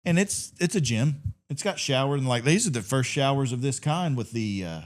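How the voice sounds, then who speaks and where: A man's voice: mid-range voice, normal speed. A man co-hosting a podcast, telling stories in casual chat and swearing freely. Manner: animated storytelling, swearing, laughing often. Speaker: podcast co-host.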